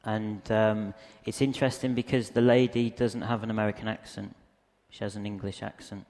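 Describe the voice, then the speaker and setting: Gravelly man giving a rambling lecture. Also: on the low side, flat delivery, moderate pace, darkish tone. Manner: rambling, hesitant, frequent ums. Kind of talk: casual lecture with slides. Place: lecture hall in a museum. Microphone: handheld or stand microphone. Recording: reverberant lecture hall.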